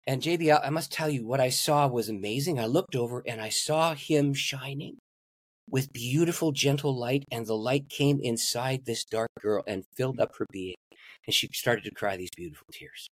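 A man's voice: medium pitch, moderate pace, no room sound. A man, a pastor and guest, telling a story in an interview and laughing at his own stories.

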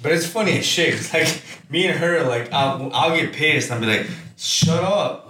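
Young man, casual podcast chat, profane, roomy sound, far from the mic, clear background noise. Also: fairly high pitch, brisk. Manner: profane, laughing, animated storytelling.

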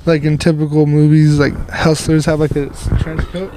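A man's voice: fairly high pitch, level tone, moderate pace, background noise. Rambling, profane young man co-host. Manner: rambling, profane, heavy on filler words. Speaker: podcast co-host. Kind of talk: casual chat.

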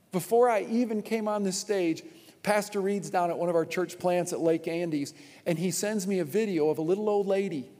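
A man preaching a sermon as pastor from a church stage, animated and repeating his points for emphasis. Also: high-pitched. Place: church auditorium with long reverb. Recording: long hall reverb.

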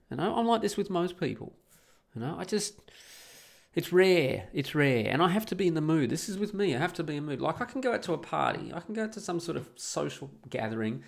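Gravelly rambling man from Australia. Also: mid-range voice, expressive, a little fast. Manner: rambling, profane, exasperated storytelling; many restarts and repeated phrases. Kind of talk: casual monologue.

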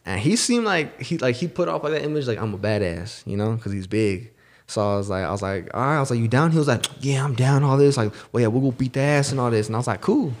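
A man's voice: mid-range voice, fast talker. Slangy young man telling a story. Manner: animated, slangy, acts out the people he quotes. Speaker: podcast co-host. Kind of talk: casual storytelling chat.

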